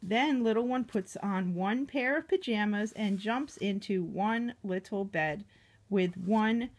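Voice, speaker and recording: Slow, gentle woman reading to a child. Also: mid-range voice. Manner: gentle, asks the child questions. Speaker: aunt reading a picture book to a child. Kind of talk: reading aloud to a young child.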